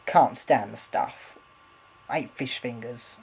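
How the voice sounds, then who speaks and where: A man's voice: mid-range voice, lively intonation, takes it slowly, dark tone, slightly rough, poor audio. A man rambling casually in a vlog, swearing freely, filming on a handheld camera. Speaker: vlogger.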